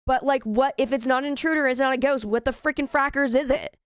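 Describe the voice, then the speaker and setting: Brief: woman gamer in her thirties, bright higher voice, chatty and exasperated, dry close mic. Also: fairly even intonation, fast, smooth, no echo. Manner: chatty, exclaims in frustration. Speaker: gaming streamer. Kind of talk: casual let's-play commentary.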